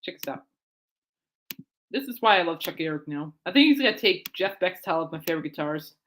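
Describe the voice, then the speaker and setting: A woman hosting her own podcast, chatting in a rambling, excitable way that often trails off and restarts. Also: on the low side, brisk, slight background noise. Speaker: podcast host. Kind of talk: rambling casual chat.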